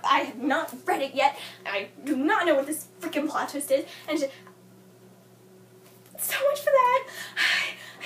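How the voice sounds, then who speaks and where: A woman's voice: high voice, a little hiss or hum. A young woman reviewing a book in a casual vlog, gushing and exasperated, often talking back at the characters. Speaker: book vlogger. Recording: echoey room, mic at a distance.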